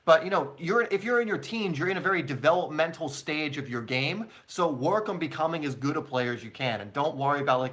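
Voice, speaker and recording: A man's voice: a little high, animated, brisk, fairly bright tone. A man hosting a live question-and-answer stream for his soccer channel, chatting casually with viewers and using many fillers.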